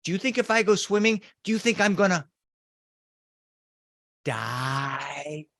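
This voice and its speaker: A tiny boy of about three, pleading and whining in a raised, squeaky voice in a told story, as a man puts him on. The sound is close and dry. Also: lively intonation, takes it slowly, fairly bright tone, no room sound, heavily acted. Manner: pleading, high-pitched.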